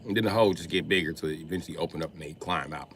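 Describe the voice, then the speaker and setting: A man streaming live, riffing through a profane comic rant in an animated, swearing manner. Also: very deep voice, racing, slight background noise. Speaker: comedian streamer.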